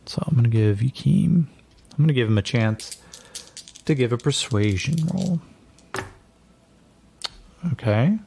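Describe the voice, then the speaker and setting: A man running a tabletop game as game master, narrating in a relaxed, rambling way with many fillers and self-corrections. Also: mid-range voice, measured pace, gravelly, long pauses, a little hiss or hum.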